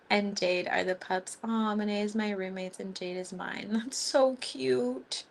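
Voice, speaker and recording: A woman's voice: mid-range voice, steady tone, slow pace, vocal fry. A woman hosting a live Q&A as a spiritual teacher, chatting casually with viewers, gushing and affectionate, laughing often and leaning on fillers. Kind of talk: casual live-stream chat answering viewer comments.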